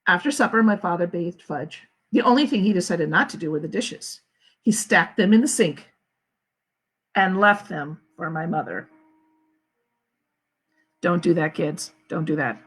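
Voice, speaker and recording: Husky, lively woman reading aloud. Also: fairly low pitch, moderate pace. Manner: expressive, animated storytelling with asides to kids. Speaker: school principal. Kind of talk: reading a children's book aloud. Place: home, during quarantine. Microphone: phone or laptop for a live video.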